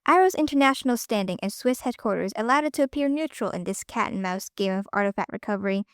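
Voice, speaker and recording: A woman voicing a cold female operative who speaks in a flat, matter-of-fact way. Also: medium pitch, fast talker, clear, resonant tone, no room sound, studio quality, natural voice. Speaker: student reader. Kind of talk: amateur story reading.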